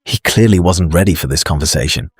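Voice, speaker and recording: A male narrator reads a wry, punchy script linking clips together. His voice is on the low side and husky, and it swings in lively way. The recording is dry and close. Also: quick pace, no room sound.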